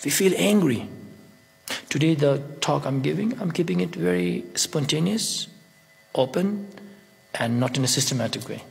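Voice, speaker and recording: A man's voice: fairly high pitch, animated, normal speed, vocal fry, pauses often, big-room sound. A man whose first language is Tibetan gives a spontaneous Buddhist talk in English, playful and acting out little scenes. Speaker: Buddhist teacher.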